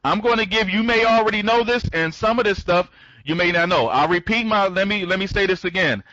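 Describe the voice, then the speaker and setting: A man giving a live online training talk as a program trainer. He rambles, restarts his sentences, greets listeners by name and speeds up when he gets excited. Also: high-pitched, brisk, no echo, dull audio.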